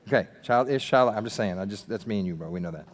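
A man preaching a casual, animated sermon, acting out voices of the people in the story with slang and jokes. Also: lowish voice, fast talker, in a large hall. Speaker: pastor.

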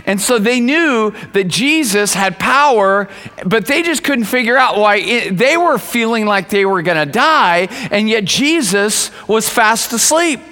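A man preaching a sermon to a congregation, lively and conversational, acting out the people in his stories. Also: high voice, unhurried, big-room sound. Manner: animated, acts out quoted voices. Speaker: pastor. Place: church.

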